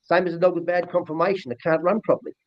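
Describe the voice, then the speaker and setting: A man's voice: high voice, flat delivery, racing, dry recording. An older man with an Australian accent, a dog trainer talking bluntly and rambling earthily in a casual interview. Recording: dull lo-fi dry recording.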